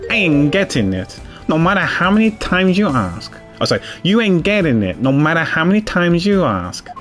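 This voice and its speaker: A man's voice: on the high side, sing-song, moderate pace, fairly bright tone, faint music behind, pitched above the performer's own voice. A man voicing a brash, stubborn young female reporter in a put-on Southern US twang, with a folksy, defiant drawl.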